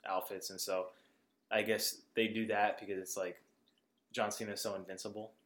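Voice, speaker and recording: A man's voice: on the low side, level tone, normal speed, a bit bright, echoey room. A man co-hosting a podcast, chatting casually about a movie, filling his talk with "like" and laughing often. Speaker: podcast co-host. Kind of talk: casual movie review chat.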